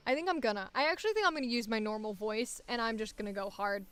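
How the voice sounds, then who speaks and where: Woman, voice actor, chatty, frank, self-critical, slightly high-pitched. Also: fast, fairly bright tone, clear, resonant tone. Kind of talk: casual self-talk while recording auditions.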